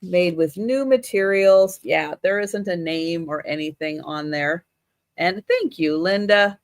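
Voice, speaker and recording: A woman hosting a live online vintage sale, describing items in a relaxed, chatty way with lots of fillers. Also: fairly low pitch, dry recording, clean studio sound. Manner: unhurried, chatty with many fillers. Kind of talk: casual live selling.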